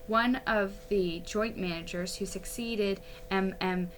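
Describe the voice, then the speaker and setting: A woman narrating a classic ghost story aloud in an unhurried storytelling manner, with a few slips and restarts. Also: mid-range voice, steady tone, soft background music. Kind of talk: reading a classic novel aloud.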